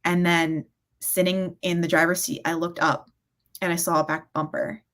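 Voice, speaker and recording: A woman chatting casually as a guest, telling a personal story and acting out the quotes with growing excitement. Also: on the low side, normal speed. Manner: animated, acts out quotes with rising excitement.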